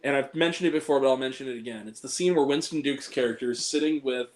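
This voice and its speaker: An earnest young man chats about the films he loves, speaking openly and with feeling. His voice sits at an everyday middle pitch for a man, and he talks as a host leading the chat with friends. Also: fast, rough recording. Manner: earnest and heartfelt, quotes movie lines. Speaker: podcast host ranking films. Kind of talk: emotional casual film talk.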